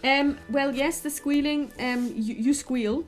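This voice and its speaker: A woman's voice: sits high, fairly even intonation, slow, faint music behind. A woman narrating a tabletop horror game as game master, friendly and hesitant, with many fillers.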